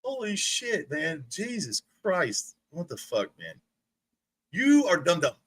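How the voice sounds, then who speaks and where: A man's voice: on the high side, wildly swooping pitch, slow, a bit bright, husky, dry recording. A man streaming, ranting and mocking someone with profanity and frequent laughter, from a recliner indoors. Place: indoors, sitting in a rolling recliner.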